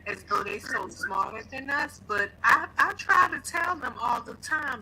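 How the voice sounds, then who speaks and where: A woman lectures sassily in a fairly high, very bright voice, tossing out pet names. There is faint noise behind her. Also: animated, measured pace, few pauses, poor audio. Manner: sassy, lecturing, uses "sweetheart" and "baby". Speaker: podcast guest. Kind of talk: casual chat.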